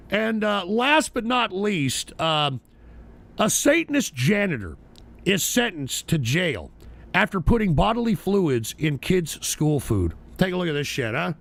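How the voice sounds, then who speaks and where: A man's voice: high voice, sing-song, a little slow, vocal fry, a bit bright. A man hosting a live-streamed talk show, reading out odd news stories with brash, profane, mocking commentary. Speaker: political talk show host.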